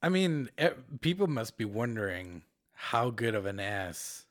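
A young man cohosts a casual chat, crude and teasing, swearing freely and sighing often. His pitch is lively and swings widely as he talks. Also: unhurried. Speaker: podcast co-host.

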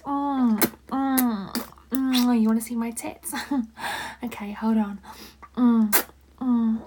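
A young woman in a whispered role-play, rambling and flustered, giggling and dropping into breathy whispers close to the microphone. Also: fairly high pitch, steady tone, extremely slow, background noise. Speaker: audio role-play performer.

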